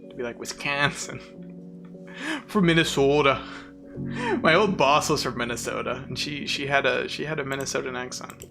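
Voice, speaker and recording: Gravelly-voiced man chatting while gaming. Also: medium pitch, animated, normal speed, pauses often, music in the background. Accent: southern United States. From southern United States. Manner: rambling, chatty, reads chat aloud. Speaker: streamer. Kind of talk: casual chat while gaming.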